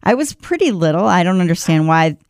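A woman's voice: fairly low pitch, very animated, fairly quick, darkish tone, dry recording, clean studio sound. A woman co-hosting a talk show, telling a childhood story in a chatty, self-mocking way. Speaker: radio show co-host. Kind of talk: casual chat.

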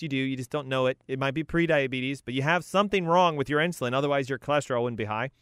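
Man, health coach host, punchy and emphatic, medium pitch, dry close mic. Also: fast, hardly any pauses, a bit bright, clean tone, no room sound. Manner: emphatic, punchy, lists things off. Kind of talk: energetic health talk.

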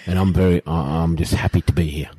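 Very deep, husky Australian man. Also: quick pace. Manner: animated anecdotes, acts out other people's lines, swears casually. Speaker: guest, former rugby league player. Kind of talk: casual storytelling in a podcast chat.

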